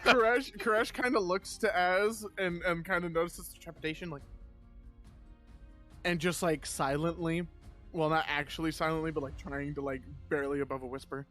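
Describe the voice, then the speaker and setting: A player in a tabletop game, talking in a rambling, animated way and swearing freely. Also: medium pitch, normal speed, soft background music.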